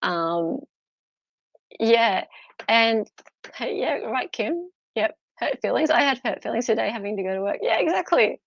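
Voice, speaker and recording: A woman's voice: on the high side, lively intonation, a little slow, creaky, long pauses, dry recording, muffled recording. An Australian woman hosting a casual live stream about a court trial, chatting and laughing with her viewers. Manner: chatty, laughs often, answers chat viewers; mocks posh barristers in put-on voices.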